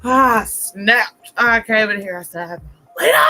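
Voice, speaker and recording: A woman co-hosting a casual chat show, telling a family story with animated, shouted quotes. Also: mid-range voice, slow pace, a loud crowd, low-quality recording. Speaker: podcast co-host.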